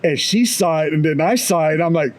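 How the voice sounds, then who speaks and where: An American man co-hosting a podcast, telling a story in a relaxed, profane way, chuckling as he goes. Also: a little high, fairly quick, rough recording. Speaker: podcast co-host. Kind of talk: casual storytelling chat.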